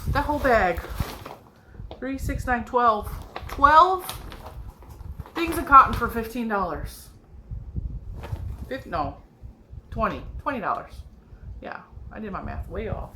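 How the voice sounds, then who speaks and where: A woman's voice: medium pitch, sharp tone, slight background noise, low-quality recording. Bubbly nasal woman showing off yarn. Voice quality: nasal from a cold. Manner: bubbly, gushing, laughs often. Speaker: yarn and crochet vlogger. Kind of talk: excited casual show-and-tell.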